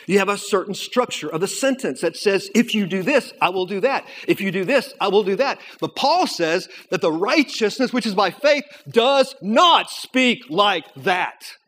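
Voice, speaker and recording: A man preaching a sermon, moving between quiet storytelling and loud, climbing emphasis. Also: high-pitched. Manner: builds from hushed storytelling to loud, rising preaching.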